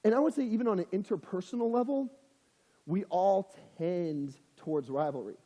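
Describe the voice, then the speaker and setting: A young man preaches casually to teenagers, acting out the people he quotes along the way. His voice sits high for a man and sounds mellow. It carries a long, reverberant tail from the hall. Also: normal speed. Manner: conversational, acts out quoted voices. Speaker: youth pastor. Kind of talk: casual youth sermon.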